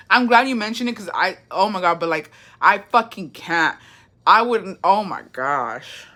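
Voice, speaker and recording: Young woman livestream host, sassy, profane, animated, bright edgy voice. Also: on the low side, slow. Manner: animated, profane, sassy, reads chat aloud. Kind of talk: casual livestream chat.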